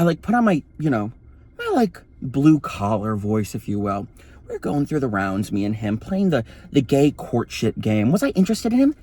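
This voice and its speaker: In a casual storytelling vlog, a male vlogger spins a campy, sassy, profane tale. His fairly high voice is often mistaken for a woman's and comes across as feminine, and the recording is dry.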